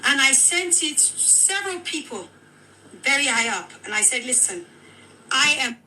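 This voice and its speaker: A Nigerian woman telling her own account as a widow in a very bright, somewhat high voice. She is animated and acts out the dialogue as she tells it. Faint noise sits under the recording. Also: moderate pace, rough recording. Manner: animated, quoting others in dialogue. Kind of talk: emotional personal account.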